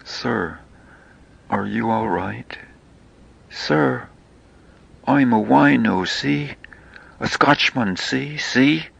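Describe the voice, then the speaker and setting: A man voicing an old Scottish beggar, a wino who pleads loudly and insistently, with a Scottish accent. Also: medium pitch, very slow, vocal fry, pauses often, husky, muffled recording, voice pushed up, full character voice. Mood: pleading.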